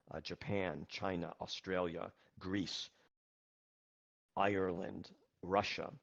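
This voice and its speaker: Deep-voiced man teaching an online English class. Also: lo-fi sound. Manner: patient, measured, many fillers.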